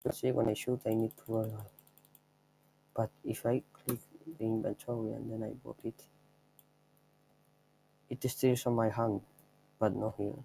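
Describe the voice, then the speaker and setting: A man's voice: lowish voice, flat delivery, unhurried, gravelly, pauses often, dark tone, a little hiss or hum, low-quality recording. A young man giving offhand, rambling commentary over his own gameplay, showing a trick step by step. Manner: offhand, rambling, chuckles at himself. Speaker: gameplay video maker.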